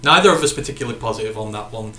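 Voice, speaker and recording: A man's voice: on the low side, expressive, racing, sharp tone, echoey room. A man from the United Kingdom co-hosting a casual sports podcast, chatting and reading out viewer comments. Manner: chatty, reads out viewer comments and sign-offs. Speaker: podcast co-host.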